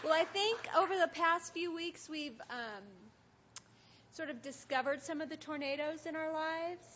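High-voiced woman teaching devotionally. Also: moderate pace, a little hiss or hum. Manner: soft, hesitant, with many ums. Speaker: women's ministry teacher. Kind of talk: devotional teaching with guided meditation. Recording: dull lo-fi recording.

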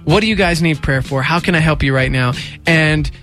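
A young man with a high, bright voice tells a story on a radio talk show. He is animated and jumps into little acted-out voices for the people in it. Faint music plays underneath. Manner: animated, acts out voices in quotes, quick bursts. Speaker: radio station host. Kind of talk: casual storytelling chat.

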